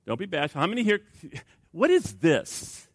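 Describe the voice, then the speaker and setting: A man preaching a sermon in a joking, conversational way, with a lot of "you know" and restarts. His voice sits a little high for a man, and the sound is close and dry. He talks like a pastor easing his congregation toward a point. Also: huge pitch swings, moderate pace, husky, no echo. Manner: conversational and humorous, with many fillers and restarts.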